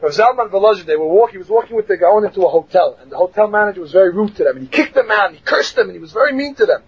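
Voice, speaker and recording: A man with a high, husky voice gives a Torah lecture full of stories. He acts out each quote with lively energy and laughs often. The recording sounds dull and lo-fi. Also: racing. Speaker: rabbi teaching a class.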